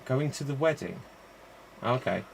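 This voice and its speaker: A man's voice: mid-range voice, lively intonation, measured pace, vocal fry, slight background noise. A man hosting a live-streamed improv show, chatty and rambling between games.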